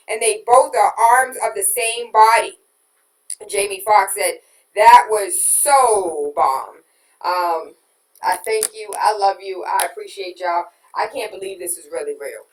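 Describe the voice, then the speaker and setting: A woman hosting a radio talk show, reading out listener comments and venting in an exasperated, emphatic way that swings from loud outrage to quiet disbelief. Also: mid-range voice. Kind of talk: casual political talk. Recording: roomy and distant from the mic.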